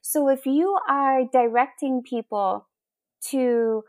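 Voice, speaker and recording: Earnest woman, higher voice, dry close sound. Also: takes it slowly, dry recording. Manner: warm, earnest, searching for words. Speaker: interview guest. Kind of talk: casual interview chat.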